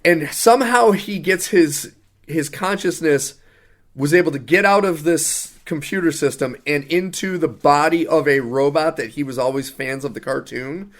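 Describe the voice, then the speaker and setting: A man co-hosting a casual podcast, ranting about a film he hated. His voice sits a little high for a man, and he talks in an exasperated, sarcastic way. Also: moderate pace. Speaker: podcast co-host. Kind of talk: casual podcast movie review.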